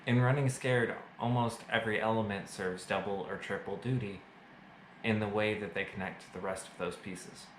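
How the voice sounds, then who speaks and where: Dude rambling about a movie w lots of "like", kinda low voice, echoey room. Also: male voice, steady tone, normal speed, slight background noise. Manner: chatty, filler-heavy, self-mocking jokes. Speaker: movie reviewer. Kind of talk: casual video review. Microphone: camera mic.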